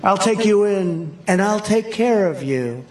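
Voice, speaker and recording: A man's voice: high voice, expressive, unhurried, a little mellow, a little hiss or hum. Man recounting a tender-hearted woman. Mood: plaintive. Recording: echoey rally sound with crowd ambience.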